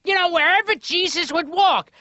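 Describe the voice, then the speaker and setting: A man doing a stand-up comedy routine with a loud, abrupt delivery and sudden shouting bursts. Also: very high voice, moderate pace, no echo. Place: animated series soundtrack. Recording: dry, slightly dull TV audio.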